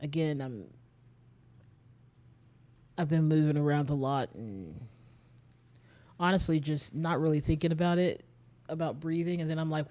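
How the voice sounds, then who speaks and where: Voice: medium pitch, a little slow, pauses often, darkish tone. Rambling, chatty game streamer. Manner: rambling, talks straight to chat. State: a bit tired and short of breath. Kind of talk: casual live-stream chat while playing a game.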